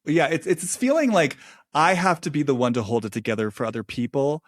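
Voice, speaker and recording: A man hosting his own podcast, talking alone in a reflective, halting way and repeating phrases as he searches for words. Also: fairly high pitch. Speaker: podcast host. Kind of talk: reflective solo monologue.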